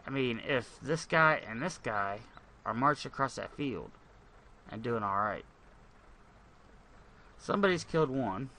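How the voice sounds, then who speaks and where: A man narrates his own tank game in a casual, meandering way, thinking aloud and cursing when things go wrong. His voice sits mid-range in pitch but carries a bright, tense edge. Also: lively intonation, a little slow, long pauses, slight background noise. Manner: rambling, profane, thinks aloud. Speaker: gaming channel host. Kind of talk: casual gameplay commentary.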